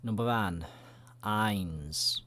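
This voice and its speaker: A man's voice: fairly low pitch, very slow, bright, forceful tone, slight background noise. A man giving rambling, jokey let's-play commentary, swearing often. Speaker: gaming video creator.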